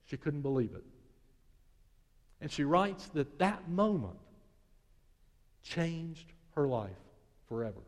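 A male pastor preaching a sermon, telling a story in hushed tones that rise and build, then leading a prayer. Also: a little high, sing-song, slow, long pauses, long reverb tail.

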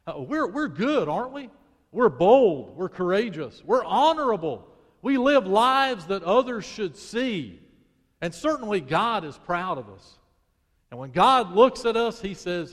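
Pastor preaching in a reverberant hall. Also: male voice, high voice, very animated, a little slow. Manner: preaching with swings from loud emphasis to hushed prayer. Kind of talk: sermon. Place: church sanctuary. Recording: long church hall reverb.

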